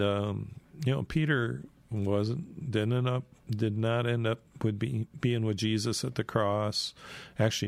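A man telling a Bible story in a loose, conversational way, sprinkling in "you know." His voice is low with a gravelly fry. The recording is close and completely dry. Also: dry recording.

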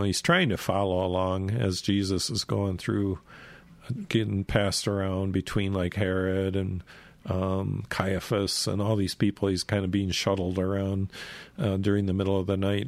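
Guy rambling through bible stories, lots of "you know"s, gravelly voice, dry sound. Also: sits low, steady tone, normal speed, dry recording. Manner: rambling, full of fillers and asides. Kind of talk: casual retelling of Bible stories.

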